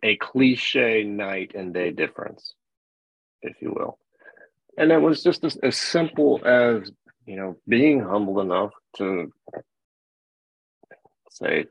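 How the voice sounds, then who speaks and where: A man's voice: lowish voice, expressive, slow, pauses often, no echo. A man, a military veteran and guest, talking candidly in a frank, reflective and profane way. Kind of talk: candid conversation. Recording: dull, dry lo-fi sound.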